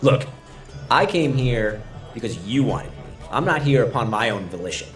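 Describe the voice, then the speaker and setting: A man's voice: medium pitch, sing-song, normal speed, faint music behind, pitched above the performer's own voice, natural voice. A player voicing an elf witch hunter who speaks curtly and formally, cool and guarded.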